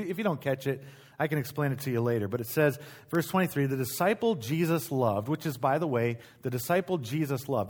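A middle-aged male pastor preaching in a church, reading scripture aloud and explaining it in a relaxed, conversational way, with asides to the congregation. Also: medium pitch. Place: church sanctuary.

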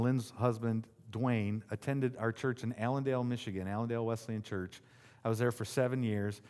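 A middle-aged man preaching a sermon as pastor to his church, conversational and animated, with playful asides to the congregation. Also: mid-range voice.

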